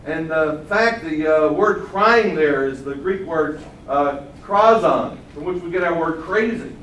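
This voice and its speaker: An older man preaching a sermon, swinging from loud exclamations to quiet asides. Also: on the high side, animated, unhurried. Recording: roomy sound from far off the mic, faint hum.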